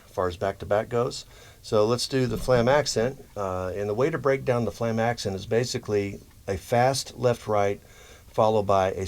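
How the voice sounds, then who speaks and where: A man teaching drum rudiments in a relaxed, explanatory way, often checking in with "okay?". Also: mid-range voice. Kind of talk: instructional demonstration.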